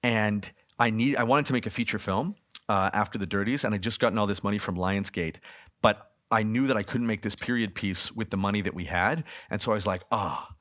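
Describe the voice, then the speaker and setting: A man in his thirties, a film director answering questions at a festival talk, telling lively stories and acting out the people in them. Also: on the low side, fairly quick. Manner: animated storytelling, frequent laughs, acts out quoted people.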